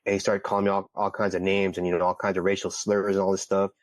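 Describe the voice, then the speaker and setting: Low-voiced man telling a story. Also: completely flat delivery, fast talker, no room sound. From California. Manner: repeats words, heated when retelling. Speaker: podcast guest. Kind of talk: casual storytelling.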